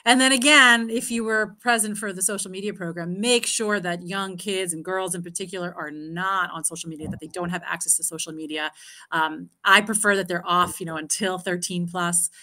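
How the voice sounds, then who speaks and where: Woman, parenting speaker, live Q&A, bright tone, earnest, many fillers. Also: lowish voice, steady tone, fairly quick. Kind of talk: live Q&A answer.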